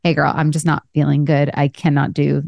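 Casting: woman podcast host, low-ish dry studio voice, chatty and laughing. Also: level tone, fairly quick, creaky, a little mellow, dry recording. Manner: chatty, laughs often, retells stories. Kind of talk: casual chat.

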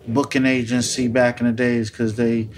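A musician in casual chat, talking loose and slangy with plenty of swearing. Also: male voice, medium pitch, flat delivery, normal speed, noisy background.

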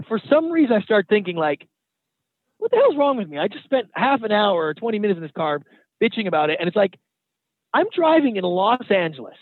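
A man with a high voice tells stories in a lively, conversational way and swears casually. He comes through a tinny, phone-like line with a dry, close sound. He talks like a guest in an interview. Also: no echo. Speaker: guest, TV producer and trainer.

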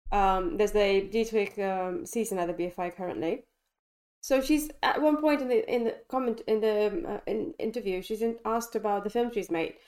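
A podcast co-host, a woman, talks through a film she has just seen with bright enthusiasm. Her voice sits in an ordinary middle pitch, and she often breaks off and restarts her sentences as her thoughts tumble out. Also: moderate pace. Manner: animated, enthusiastic, frequent restarts. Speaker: podcast co-host reviewing films. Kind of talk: casual film discussion. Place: London.

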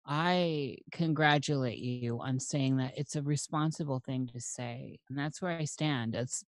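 Low-voiced earnest woman host. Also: unhurried, dry recording. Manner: thoughtful, earnest, swears casually. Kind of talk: casual conversation.

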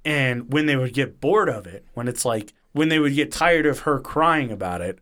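A man's voice: mid-range voice, normal speed. A man hosting a podcast, casually retelling a story with swearing and acted-out quotes. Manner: animated retelling, swearing, acting out quotes in varied voices. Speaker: podcast host.

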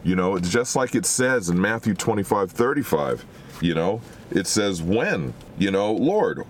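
A man's voice: sits low, big pitch swings, measured pace, slight background noise. A man preaching a sermon in an earnest, exhorting way, full of rhetorical questions.

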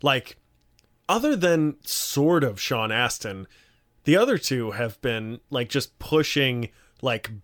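A man's voice: mid-range voice, big pitch swings, takes it slowly, fairly bright tone. A man co-hosting a casual podcast, rambling with lots of "like" fillers and reading out panel blurbs. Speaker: podcast co-host. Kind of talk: casual chat.

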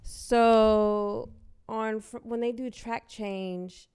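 A woman's voice: fairly high pitch, fairly even intonation, drawn-out words, a little mellow, clean tone. A woman chatting casually, laughing often and recounting a story about her family. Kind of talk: casual chat.

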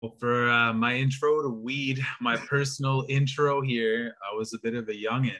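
A man with a bright, forceful voice who is a guest on a podcast and tells a personal story. He talks in a laid-back way with many "uh" pauses and a dry sense of humor. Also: medium pitch, steady tone. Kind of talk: casual storytelling.

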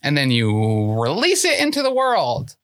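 A player in a tabletop game session talks in character with a bright, forceful tone and a pitch that swings widely. They rationalize earnestly and matter-of-factly, stumbling into fillers and restarts as they go. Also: huge pitch swings, unhurried.

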